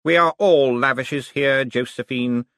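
A man's voice: medium pitch, big pitch swings, a little slow, pushed and bright, no room sound, clean studio sound, pitched above the performer's own voice, exaggerated voice. A man voicing a stiff, proud aristocratic man who speaks sternly and in clipped phrases, in an audiobook. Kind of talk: audiobook character voice.

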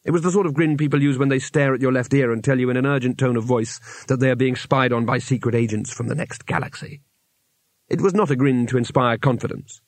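A man reading an audiobook aloud in a measured storytelling manner with wry timing. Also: mid-range voice, no echo. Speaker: audiobook narrator. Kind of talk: scripted narration.

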